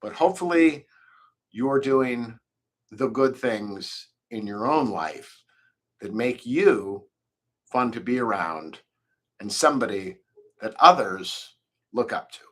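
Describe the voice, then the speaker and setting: A man's voice: medium pitch, animated, takes it slowly, long pauses, a bit bright. A man hosting his own podcast, giving reflective, folksy advice in a solo monologue. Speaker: podcast host.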